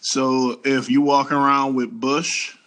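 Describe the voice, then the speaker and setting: A man's voice: mid-range voice, little pitch movement, a little slow, a bit bright. Blunt, profane man. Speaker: podcast co-host. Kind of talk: casual crude group chat.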